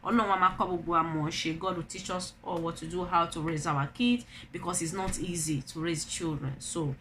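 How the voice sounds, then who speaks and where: A woman's voice: lowish voice, fairly even intonation, brisk, background noise. A middle-aged Nigerian woman and mother, talking to camera in an opinion vlog, telling stories animatedly and asking rhetorical questions. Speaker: vlogger, mother.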